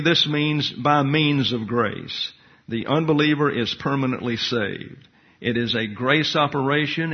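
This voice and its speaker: A man giving an expository Bible lesson, working through numbered points and explaining Greek grammar in a methodical way. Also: mid-range voice. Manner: methodical, enumerating points and parsing Greek words. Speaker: bible teacher. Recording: dull lo-fi recording.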